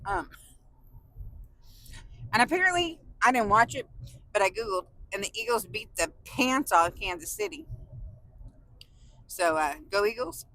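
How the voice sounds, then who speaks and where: A woman's voice: mid-range voice, expressive, measured pace, long pauses, fairly bright tone, no room sound, low-quality recording. Gushing, giggly woman vlogger. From California. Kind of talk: casual chat to camera.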